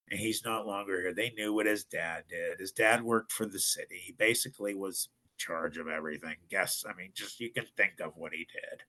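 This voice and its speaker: A man from northern Ohio, a podcast guest, telling a personal story in an animated way and acting out what other people said. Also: on the low side, rough recording. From northern Ohio, USA. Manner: animated, acts out other people's lines, frequent restarts.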